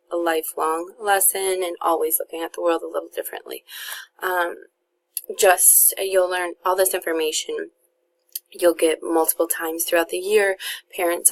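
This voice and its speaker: A woman's voice: fairly low pitch, gravelly. A young woman, a teacher casually introducing her course to students and parents, with lots of fillers and restarts.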